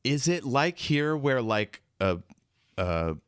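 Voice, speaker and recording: A man's voice: medium pitch, sing-song, takes it slowly, smooth, no room sound, clean studio sound. A man hosting a podcast, recapping in a wry, joking casual chat. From United States. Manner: wry, recaps plot with jokes. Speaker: podcast host.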